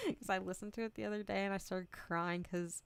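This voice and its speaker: A VTuber streamer in her twenties chats candidly on a casual stream, swearing freely, laughing often, and acting out both sides of the conversations she retells. Her mid-range voice is clear and resonant, steady in tone, with vocal fry and a moderate pace.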